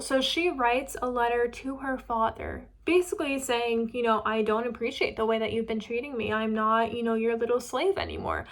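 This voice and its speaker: A young woman hosting a casual book-review chat, retelling a story in an animated way with quoted asides. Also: fairly high pitch, normal speed, few pauses.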